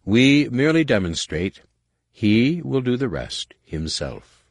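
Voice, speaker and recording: A man voicing a sly alien male executor who speaks smoothly and ingratiatingly. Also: mid-range voice, very animated, slow, no echo, clean studio sound, pitched above the performer's own voice, heavily acted.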